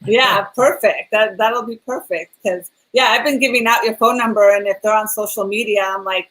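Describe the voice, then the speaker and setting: A woman co-hosts a relaxed interview show in a chatty way, often breaking into laughter. Her voice sits at a middle pitch for a woman. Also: moderate pace, few pauses, rough recording. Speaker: talk show co-host. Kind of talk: casual video-call interview.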